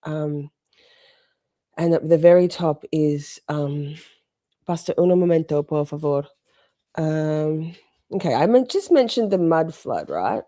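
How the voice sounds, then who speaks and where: A woman's voice: low voice, lively intonation, measured pace, long pauses, warm tone, no echo, studio quality. A woman live streaming, rambling in casual chat, swearing freely and greeting viewers in the chat.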